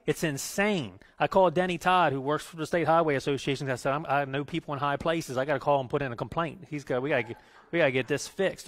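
A middle-aged male pastor giving a conversational sermon, telling stories and building into animated rants. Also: a little high, quick pace.

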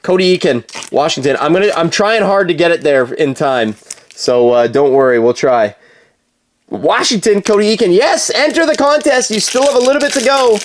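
Over slight background noise, a high-pitched man with lively intonation runs a live card-break stream at normal speed. Filler-heavy and chatty, he talks to viewers while calling out the cards from the packs he opens.

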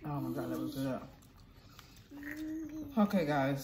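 A woman vlogging a meal with her kids on a phone camera, chatting with her mouth full and gently scolding the children. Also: rumbling low, steady tone, slow, long pauses. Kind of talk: casual chat while eating. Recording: echoey room, faint noise.

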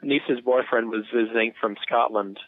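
A man's voice: mid-range voice, fairly even intonation, normal speed, no room sound, phone-quality sound. A man co-hosting a podcast who teases the others with dry questions in casual banter. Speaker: podcast co-host.

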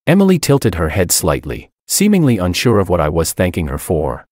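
A man's voice: sits low, huge pitch swings, a little fast, hardly any pauses, darkish tone, dry recording, clean studio sound. A man narrating a first-person story, reading steadily and acting out his own quoted lines.

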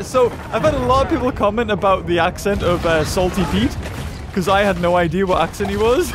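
A young man excitedly commentating his gameplay, often exclaiming and laughing. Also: sits high, a little fast, noisy background. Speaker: gaming YouTuber. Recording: game music behind voice.

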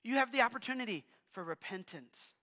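A male pastor preaching a sermon in a casual, animated way, with asides to the congregation. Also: extremely high pitch, a little fast. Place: church hall. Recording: long hall reverb.

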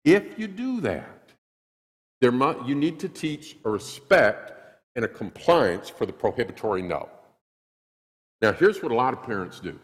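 A male pastor preaching a sermon in a church, emphatic and animated, acting out little scenes. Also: medium pitch, moderate pace, big-room sound. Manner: animated, acts out quotes, emphatic repetition. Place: church sanctuary.

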